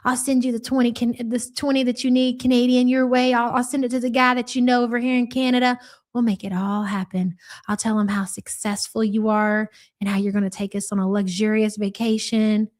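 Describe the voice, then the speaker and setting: A woman's voice: a little high, little pitch movement, brisk, darkish tone, close to an everyday voice. A woman mocking a clingy wife who begs her husband to call, in a wheedling, whiny tone. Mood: pleading.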